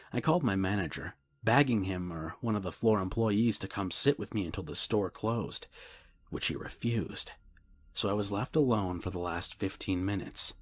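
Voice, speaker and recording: A man reads a scary story aloud in a calm, measured way. His voice sits low and has a husky edge. At times he drops into a hushed whisper. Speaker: narrator. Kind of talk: scripted horror story narration.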